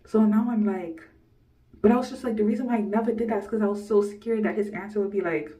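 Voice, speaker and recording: A woman's voice: mid-range voice, fast talker, mellow, recorded from a distance, poor audio. A woman in her early twenties telling a personal story to camera in a rambling, blunt way, swearing freely and laughing often. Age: early 20s. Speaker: vlogger.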